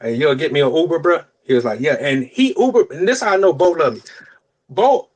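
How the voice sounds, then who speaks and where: A man's voice: a little high, a little fast. A young adult man co-hosting a podcast, telling a long story in casual, profane chat and acting out the other people's lines. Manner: animated, profane, acts out quotes in other voices. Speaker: podcast co-host.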